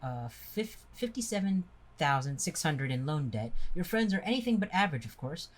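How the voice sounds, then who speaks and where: A woman's voice: low voice, big pitch swings, moderate pace. A woman reading a text game aloud with friends, breaking into laughter and stumbling over words. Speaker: game player.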